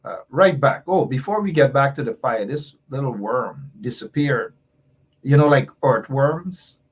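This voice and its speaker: Speaking a little slowly in a husky, mid-range voice with lively intonation, a Guyanese man hosts a political talk show. He reads viewers' comments aloud and replies, emphatic and prone to repeating his points.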